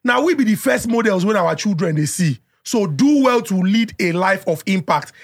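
A man's voice: high voice, expressive, normal speed. A Nigerian man hosting a casual podcast, wrapping up in English mixed with pidgin. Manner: mixes pidgin into wrap-up remarks. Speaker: podcast host.

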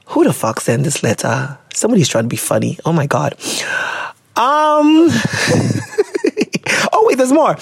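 Young podcast host, animated and swearing freely, dry close mic. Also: medium pitch, slightly rough, no room sound. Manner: animated, laughing, swearing, switching into local phrases. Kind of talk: casual chat reading listener letters.

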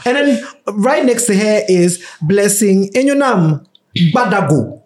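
Young Ghanaian man, podcast host, bright-voiced and upbeat, loose chatty delivery with lots of laughs, pitched a bit high for a man. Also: animated, unhurried. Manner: chatty and playful, laughs often, switches into a mock radio voice. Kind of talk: casual chat.

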